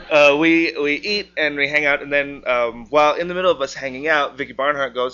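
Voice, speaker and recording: A man's voice: medium pitch, measured pace, bright, forceful tone. A young man sharing a personal testimony in a casual storytelling way, acting out the voices in his story. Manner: casual storytelling, acts out quotes. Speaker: church member sharing a testimony. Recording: dull lo-fi recording.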